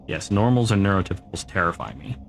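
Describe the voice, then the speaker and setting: A man's voice: sits low, sing-song, fast talker, gravelly, a little hiss or hum. A middle-aged man streaming a game, chatting casually and answering viewer comments as he plays. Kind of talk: casual gameplay chat.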